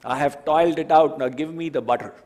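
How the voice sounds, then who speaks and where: A man's voice: a little high, fairly quick, a little mellow, close to an everyday voice. A man doing a mischievous boy god. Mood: insistent. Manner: pleading, insistent. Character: mischievous young boy god demanding butter. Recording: reverberant hall.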